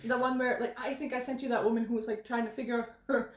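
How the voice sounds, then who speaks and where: A woman hosting a casual live stream from a kitchen, an animated, giggly storyteller. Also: on the high side, quick pace. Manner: giggly, animated storyteller who acts out others' lines. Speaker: streamer host. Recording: echoey room, away from the mic.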